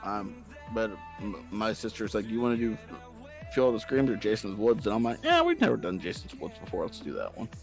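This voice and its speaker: A man's voice: huge pitch swings, fairly quick, faint music behind. Playful man telling prank stories. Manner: playful prankster, jumps into high squeaky voices for quotes. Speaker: podcast guest. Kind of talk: casual storytelling chat.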